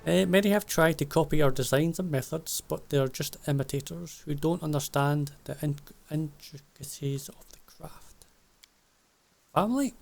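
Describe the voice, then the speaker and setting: A man reading game dialogue aloud as a proud male dwarf smith who is stern about family honour, in an earnest, measured way. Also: a little high, gravelly, darkish tone, faint music behind.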